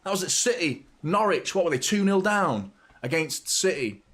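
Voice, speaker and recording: A man's voice: a little high, very animated, normal speed, fairly bright tone. A man hosting a live football watchalong, mixing blunt, sweary fan chatter with play-by-play. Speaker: fan channel host. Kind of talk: live match watchalong commentary.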